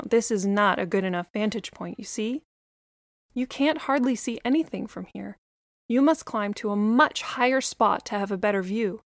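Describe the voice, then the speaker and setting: A woman doing a calm, wise raven. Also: medium pitch, no echo, clean studio sound, close to an everyday voice. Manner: calm, fussy. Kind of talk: storybook voice acting.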